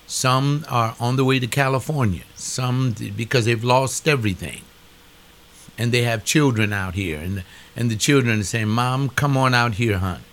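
A man's voice: mid-range voice, normal speed. An older man delivering a preaching monologue, emphatic, repeating phrases with a rising preacher's cadence.

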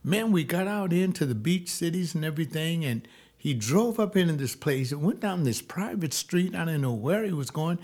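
A man's voice: fairly high pitch, animated, moderate pace, darkish tone. An older man, a pastor, telling personal stories in a rambling, digressive monologue with frequent restarts.

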